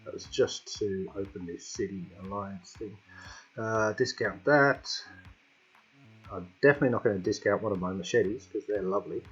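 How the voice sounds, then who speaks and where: At normal speed and a fairly low pitch, a gaming-channel host with a slightly rough voice chats casually as he plays, addressing both himself and the game in let's-play fashion. The recording comes from a slightly dull lo-fi home mic, with faint music in the background.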